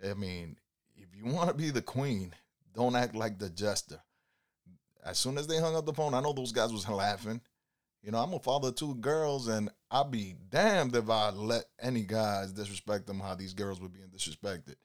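Here a man with a fairly low pitch talks at a moderate pace. Relaxed and sermonizing, he's a driver spinning stories for his passenger and offering advice on life, peppering it with "you know."

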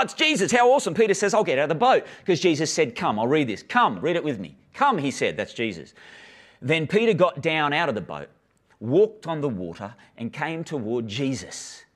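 A man preaching a sermon in a church, telling stories with acted-out dialogue and inviting the congregation to join in. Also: on the high side. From Australia. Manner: animated storytelling, acts out dialogue, laughs easily. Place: church hall with live congregation and online stream.

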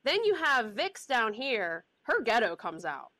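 A woman's voice: fairly high pitch, big pitch swings, unhurried, a bit bright, dry recording, poor audio. A woman from the US South and Pittsburgh, chatting emphatically and teasing her friends. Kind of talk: casual chat.

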